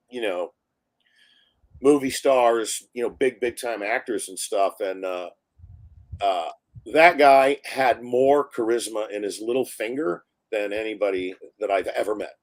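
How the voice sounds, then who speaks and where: A man's voice: mid-range voice, unhurried. Guy director spinning a story in a live chat, acts out the quotes, laughs a lot. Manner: animated storyteller acting out quotes, laughs often. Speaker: film director guest. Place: live online stream.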